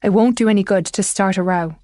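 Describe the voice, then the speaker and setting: A woman narrator voicing a calm, steady grown son who speaks slowly to soothe his mother. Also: medium pitch, no room sound, clean studio sound, natural voice. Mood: soothing. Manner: slow and placating.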